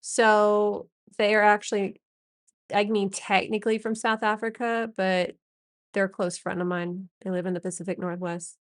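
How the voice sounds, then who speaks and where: A chatty woman artist chats with her stream audience between drawing strokes, loose and jokey as she reads viewers' names. Her voice sits at an ordinary middle pitch. The sound is close and dry. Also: dry recording. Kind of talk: casual live-stream chat while drawing.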